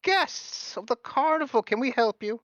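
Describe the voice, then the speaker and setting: An effusive carnival host gushes in a high, swooping voice, fussy and overly polite, as a man puts him on. The sound is dull and lo-fi. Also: expressive, normal speed, a bit bright, no room sound. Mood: gushing.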